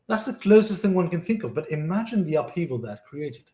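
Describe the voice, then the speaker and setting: A man's voice: on the high side, expressive, fairly quick, hardly any pauses, mellow, reverberant. A man reading scripture aloud and reflecting on it, earnest and thinking aloud with frequent restarts.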